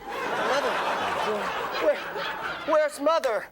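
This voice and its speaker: A man's voice: very high voice, very slow, very noisy, voice pushed up, heavily acted. A man playing a nervous, stammering young man who answers to his mother. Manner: stammering, anxious.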